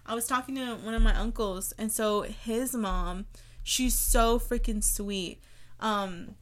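Brief: bright, sharp-toned woman in her twenties, loose profane podcast chatter. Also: a little high. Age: 20s. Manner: swears freely, fast and animated. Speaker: podcast co-host. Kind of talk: casual podcast chat.

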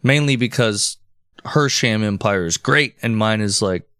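A man co-hosting a podcast, trading crude deadpan jokes. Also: lowish voice, a little slow, clean tone, no room sound, clean studio sound. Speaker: podcast co-host. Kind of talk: casual comedic banter.

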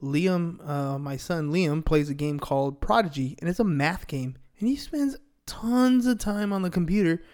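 A man's voice: fairly high pitch, lively intonation, moderate pace, hardly any pauses, darkish tone. A man in his thirties hosting a business podcast, talking energetically and motivationally, often tagging lines with "right?". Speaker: podcast host and sales coach. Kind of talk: casual podcast chat.

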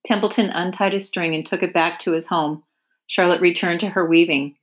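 A woman teacher reading a children's chapter book aloud with clear, expressive narration. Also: fairly low pitch, brisk. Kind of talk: storybook read-aloud.

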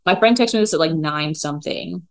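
A woman with a notably low voice, chatting casually on her own podcast. She rambles through a story with plenty of "like" and "um," animated and loose in her delivery, recorded at home at a dining table. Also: a little fast, poor audio. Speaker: podcast host. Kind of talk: casual solo chat. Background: dog running around.

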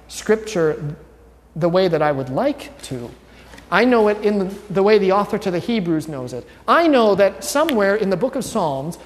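A man's voice: high voice, a little hiss or hum. A man, a pastor, giving a conversational teaching sermon, quizzing his congregation with an informal, wry manner. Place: church sanctuary. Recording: long church reverb.

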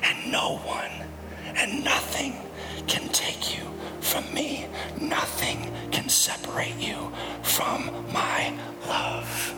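A man voicing God as a tender, near presence in a whispered role-play, his words breathed in a soft unvoiced whisper. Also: very high voice, slow pace. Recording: reverberant hall with soft music.

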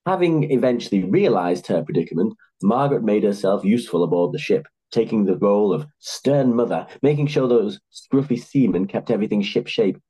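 A man's voice: fairly low pitch, lively intonation, brisk, hardly any pauses, mellow, husky, poor audio. A man narrating a comic story with dry, wry asides.

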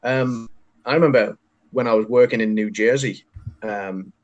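A man's voice: medium pitch, normal speed, dull audio. Chatty man telling stories. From England. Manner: chatty storyteller, laughs often, lively when telling anecdotes. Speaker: podcast co-host. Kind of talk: casual chat.

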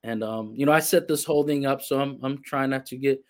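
A man hosting a broadcast interview, talking in a reflective, halting way with many restarts. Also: medium pitch. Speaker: host. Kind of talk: interview conversation, livestream.

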